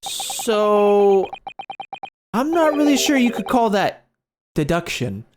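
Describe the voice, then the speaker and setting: Exasperated young student, high and animated, voiced by a man, game music playing. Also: slow, exaggerated voice. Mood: wry. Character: flustered young male law student. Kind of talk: reading game dialogue aloud.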